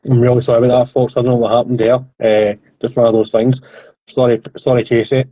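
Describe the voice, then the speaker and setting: A man's voice: medium pitch, level tone, fast talker, dark tone, lo-fi sound. A man hosting a podcast, easygoing and apologetic in casual chat over a call. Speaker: podcast host.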